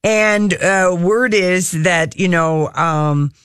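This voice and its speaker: A woman co-hosting an entertainment talk radio show, chatting casually with quick asides. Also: on the low side, fairly bright tone, clear, resonant tone, no room sound, studio quality.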